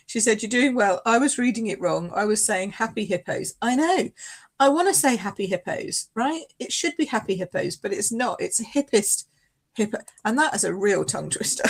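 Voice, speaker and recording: A woman's voice: mid-range voice, husky. A woman demonstrating card making in a live craft tutorial. She chats casually, often apologises and laughs along the way.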